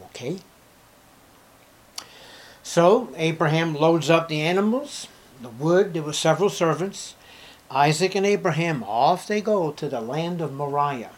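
A man preaching a sermon, telling a story dramatically, asking the listeners questions and dropping to hushed near-whispers for emphasis. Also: on the high side, animated, measured pace, long pauses. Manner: asks the listeners rhetorical questions.

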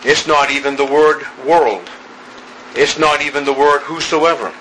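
A man preaching an evening sermon, slow and emphatic, building through repeated phrases. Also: fairly high pitch, a bit bright, a little hiss or hum, poor audio.

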